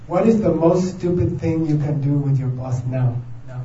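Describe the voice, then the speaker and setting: A man giving a spiritual teaching in simple, in short phrases with chuckles, pausing for an interpreter. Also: on the high side, mellow, slight background noise. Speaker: Buddhist teacher. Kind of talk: teaching talk with consecutive interpretation. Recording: distant, roomy, dull lo-fi sound with faint ambience.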